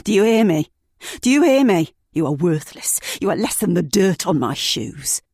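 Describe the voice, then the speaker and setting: A woman's voice: low-pitched, takes it slowly, mellow, husky, dry recording, heavily acted. Woman voicing a screaming abusive boyfriend. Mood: raging. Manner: screaming insults, then cold hissing threats. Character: violent abusive young man, raging boyfriend. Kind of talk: audiobook narration.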